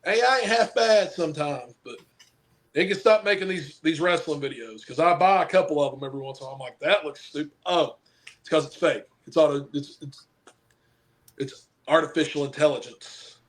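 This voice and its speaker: Man, somewhat high voice, casual podcast chat, rambling, joking, blunt advice. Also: brisk. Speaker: pro wrestler and football coach.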